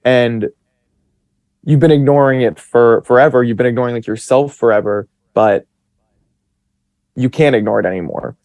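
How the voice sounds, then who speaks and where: This man in his twenties has a medium pitch and a darkish tone, speaking at a moderate pace with long pauses and no room sound. As a podcast guest, he rambles chattily through casual stories, full of fillers and quoted self-talk.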